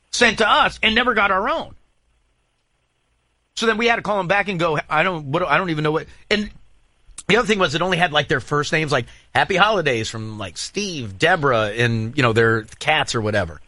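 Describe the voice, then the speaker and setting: A man hosting a morning radio show, telling stories in rambling, animated casual banter with frequent restarts. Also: on the high side, no echo. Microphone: studio microphone.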